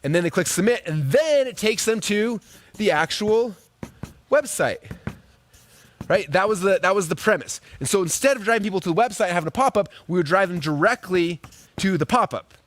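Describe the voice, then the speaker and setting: A man teaching online marketing to a live group, acting out quoted voices in a high excited pitch. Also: fairly quick. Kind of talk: energetic teaching talk.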